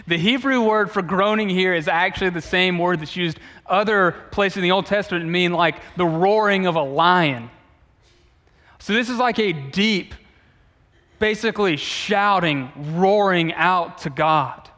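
A man, a youth pastor, giving a sermon in a conversational way, with relaxed asides and restarts. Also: high-pitched, measured pace. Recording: long reverb of a large hall.

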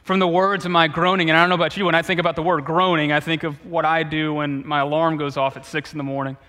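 A man, a youth pastor, giving a sermon in a conversational way, with relaxed asides and restarts. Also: fairly high pitch, quick pace. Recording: long reverb of a large hall.

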